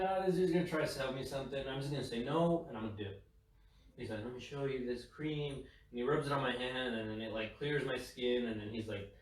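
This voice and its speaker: A young man hosting a casual podcast, spinning an animated story and acting out every line he quotes, with plenty of swearing. His voice sits at a middle pitch and sounds a little distant from the mic. The room around him is very echoey. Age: young adult. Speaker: podcast host.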